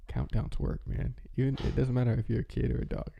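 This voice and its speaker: Male vlogger, casual rambling chat, very gravelly, dark and mellow. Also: mid-range voice, level tone, highs cut off. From American Midwest. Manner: rambling, halting, with many fillers and restarts. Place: home, with his dog nearby.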